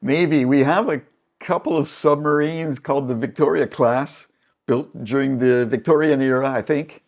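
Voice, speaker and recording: A man's voice: medium pitch, moderate pace. A man from Canada hosting a casual reaction video, friendly, with self-deprecating asides.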